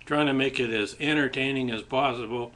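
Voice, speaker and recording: Recorded on a webcam microphone, a man hosts his own webcam show, musing casually and rambling while he eats, restarting himself often. His medium-pitched, fairly bright voice is brisk with fairly even intonation in this reflective monologue.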